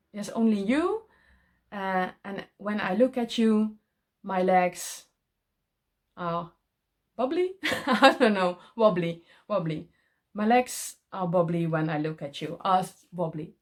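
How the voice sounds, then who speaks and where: Slow, halting Dutch-accented woman. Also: mid-range voice, lively intonation. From Netherlands. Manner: halting, searching for English words. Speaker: cross-stitch vlogger. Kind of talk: casual show-and-tell vlog.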